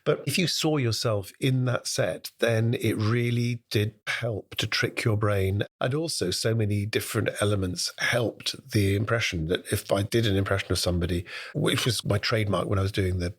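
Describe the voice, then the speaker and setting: A British man, a guest impressionist, telling stories in a brisk conversational interview and breaking into voices. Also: lowish voice.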